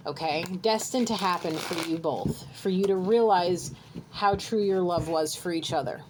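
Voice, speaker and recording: A woman's voice: on the low side, normal speed. Lady doing a psychic reading to camera, earnest and blunt, keeps saying okay, faint hum behind her. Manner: earnest, direct, repeats "okay?" to the viewer. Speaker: psychic reader. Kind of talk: channeled tarot-style reading to camera.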